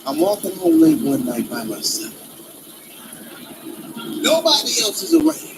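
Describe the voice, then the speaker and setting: A man performing a stand-up comedy routine in role-play, with animated, profane storytelling and frequent laughter. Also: fairly high pitch, measured pace, gravelly, noisy background.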